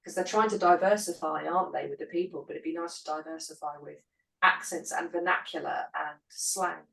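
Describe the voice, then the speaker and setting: A woman's voice: low-pitched, steady tone, fairly quick, vocal fry, a bit bright. A British woman, a podcast guest, chatting enthusiastically in a casual conversation. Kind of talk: casual chat. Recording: echoey room.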